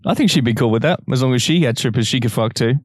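Young man, deadpan teasing, mid pitch, dry close recording. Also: rapid-fire, dry recording. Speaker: podcast co-host. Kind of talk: crude casual banter.

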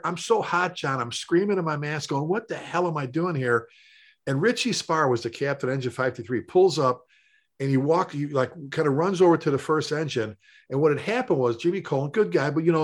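A middle-aged man, a firefighter and paramedic, telling rambling, animated stories in casual conversation. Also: fairly high pitch. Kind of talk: conversational storytelling.

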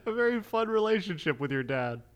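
A man with a high, very lively voice hosts a casual interview, chatty and quick to laugh along with his guest. His pitch swings widely as he talks. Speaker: interview host.

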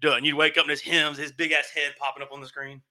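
A man's voice: a little high, level tone, fast, sharp tone. A young man in casual group chat, telling rambling, nostalgic stories.

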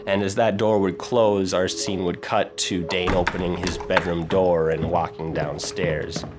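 A man's voice: low voice, flat delivery, measured pace. A man narrating as game master of a tabletop game, casual with many fillers. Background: music.

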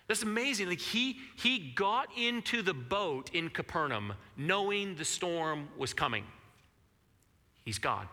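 A man preaching a sermon in a conversational, animated way, acting out the questions he quotes. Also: a little high, long reverb tail. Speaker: pastor.

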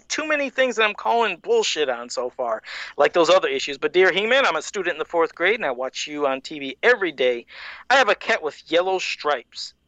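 A man's voice: dry recording, highs cut off. A man co-hosting a casual podcast, reading old fan letters aloud and joking about them with lots of laughter. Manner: animated, laughs often, jumps in pitch when joking. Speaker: podcast co-host.

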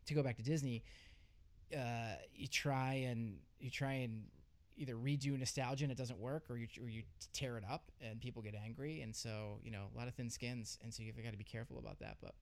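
A man's voice: mid-range voice, fairly even intonation, fairly quick. A man hosts a podcast, talking casually with his guest in a mid-range voice. He is chatty and tells stories with a self-deprecating edge. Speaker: podcast host.

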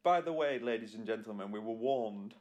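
A UK podcast co-host with a lowish voice chats at a brisk pace, telling jokey stories with lots of laughter. He comes across as an animated, laughing storyteller in casual conversation, though the recording is muffled.

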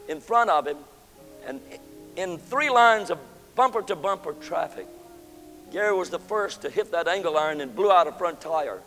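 A man preaching a sermon as pastor, swinging between loud, ringing lines and hushed ones. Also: high-pitched. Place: church sanctuary. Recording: long hall reverb with faint music.

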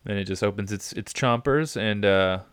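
A man's voice: fairly low pitch, normal speed, clear, resonant tone, dry recording. A man co-hosting a podcast, chatting casually and animatedly about an episode. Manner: animated, acts out scenes in silly voices. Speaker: podcast host. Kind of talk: casual review chat.

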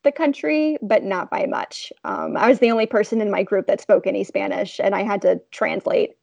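A woman chatting casually as a podcast guest, relaxed and plain-spoken. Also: mid-range voice, normal speed, gravelly, no room sound. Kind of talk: casual chat. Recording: dull, dry lo-fi sound.

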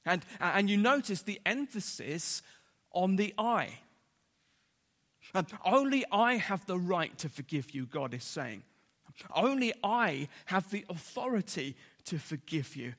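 A man's voice: high-pitched, a bit bright, long reverb tail. A man preaching a sermon earnestly, repeating key words for emphasis, with frequent fillers and restarts.

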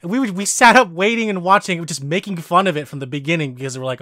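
A man with a slightly high voice talks animatedly in a casual podcast chat. He swears often and acts out the lines he quotes. The sound is close and dry. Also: expressive, fast, few pauses, bright, forceful tone, dry recording.

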